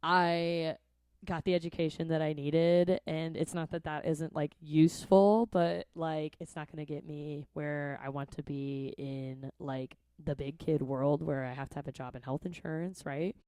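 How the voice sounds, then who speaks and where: A woman's voice: deep voice, steady tone, a little slow, mellow, smooth, no echo. A young woman vlogging in a casual, rambling way, chatty and earnest, often adding "like" and "right?". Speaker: vlogger and musician.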